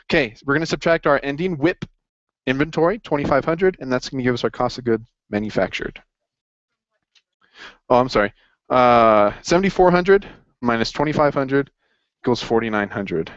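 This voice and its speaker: A man's voice: mid-range voice, moderate pace, pauses often, no echo, lo-fi sound. A man running a casual accounting review session, upbeat and jokey as he encourages his students. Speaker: accounting tutor.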